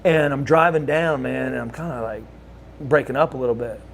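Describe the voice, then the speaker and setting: A man telling a personal story in casual speech, with halting restarts and lively acted-out quotes. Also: vocal fry, a little hiss or hum. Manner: animated, acts out quoted voices with big pitch jumps; halting restarts and repeated words. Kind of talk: casual spoken anecdote.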